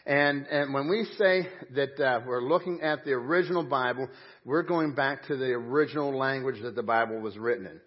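Husky-voiced preaching man, muffled. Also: mid-range voice, normal speed. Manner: emphatic preaching, folksy asides, some huffing breath. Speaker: pastor. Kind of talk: sermon. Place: church sanctuary. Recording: dull muffled audio.

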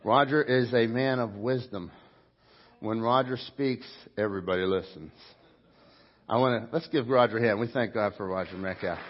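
Animated preaching man, lo-fi. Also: fairly low pitch, normal speed. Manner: animated preaching, swinging between loud emphatic bursts and quiet asides. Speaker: pastor. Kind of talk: sermon. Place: church sanctuary before a congregation.

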